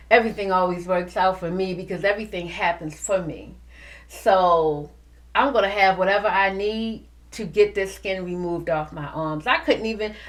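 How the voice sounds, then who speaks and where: A woman hosting a podcast, giving an animated motivational talk to her listeners. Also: fairly low pitch. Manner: animated, preachy, addresses listeners as y'all. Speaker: podcast host.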